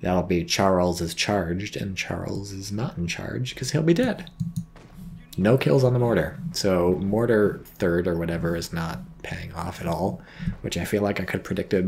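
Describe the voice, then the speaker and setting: A man's voice: sits low, gravelly, a little mellow, a little hiss or hum. A man casually commentating a strategy game match, with a dry, rambling manner and hiccups, reading viewer chat aloud. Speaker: game caster.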